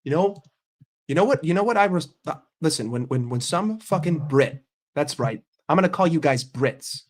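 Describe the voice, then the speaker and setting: A man's voice: a little high, animated, normal speed. A young man ranting in a football vlog, swearing and mocking in an exasperated way. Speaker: football vlogger.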